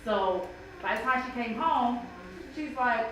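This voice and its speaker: A mother sharing a personal story at a church bible study, animated and emotional, acting out what people said. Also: on the high side, unhurried. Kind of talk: personal testimony in a group discussion. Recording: echoey room from far off, noisy.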